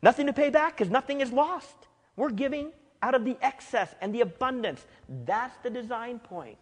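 A man preaching a sermon as pastor, emphatic, dropping to a hush and rising to loud peaks. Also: very high-pitched, animated, normal speed. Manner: emphatic, swings from hushed to loud. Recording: long hall reverb.

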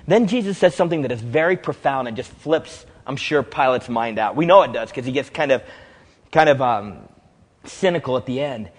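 A man's voice: medium pitch, expressive, normal speed, in a large hall. A man preaching a sermon as pastor, dramatically acting out quoted dialogue with big swings in volume.

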